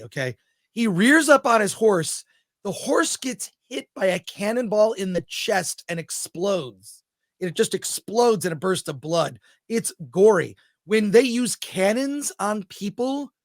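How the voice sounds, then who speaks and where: A man hosting a film review show, chatting casually and excitedly, rambling as he thinks aloud. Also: sits high, no room sound, studio quality.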